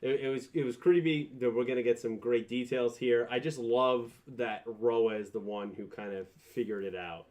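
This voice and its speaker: A man's voice: medium pitch, fairly even intonation, normal speed, few pauses, darkish tone. A man co-hosting a casual podcast, retelling scenes with animation. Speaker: podcast co-host.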